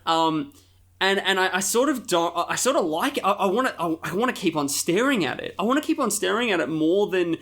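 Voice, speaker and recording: Hesitant, fairly high-voiced man. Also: animated, a little fast, fairly bright tone. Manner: hesitant, repeats words while thinking aloud. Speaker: podcast co-host. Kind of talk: casual chat reviewing a film.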